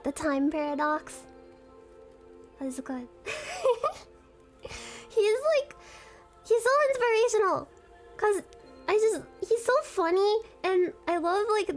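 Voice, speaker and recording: Very high-voiced giggly woman streamer. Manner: giggly, rambling, self-conscious fangirling. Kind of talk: casual live-stream chat.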